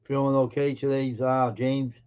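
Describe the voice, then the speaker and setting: A man's voice: medium pitch, little pitch movement, moderate pace, a little mellow, clean tone, muffled recording. A man hosting a live stream in casual chat, greeting viewers by name and teasing them in an offhand way.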